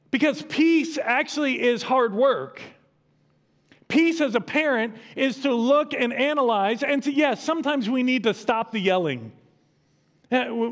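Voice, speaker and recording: A middle-aged pastor delivers a sermon in a fairly high voice. His tone stays conversational and casual. Now and then he pushes into emphatic peaks. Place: church.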